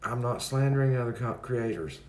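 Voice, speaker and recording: A man's voice: medium pitch, brisk, darkish tone, roomy sound, slight background noise. A man hosting a livestream, chatting casually and rambling as he greets viewers in the chat by name. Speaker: livestream host.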